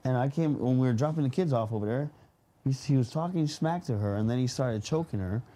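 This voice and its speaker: A man casually telling a story on a podcast, animated and slangy, often laughing as he talks. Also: mid-range voice, a little fast. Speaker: podcast guest.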